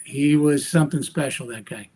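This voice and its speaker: A man with a somewhat husky voice, pitched a little high for a man, tells stories in a podcast interview. He is a magician guest and speaks in a lively way, slipping into the voices of the people he quotes. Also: normal speed. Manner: acts out quoted dialogue with lively voice shifts. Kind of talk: animated anecdotal storytelling.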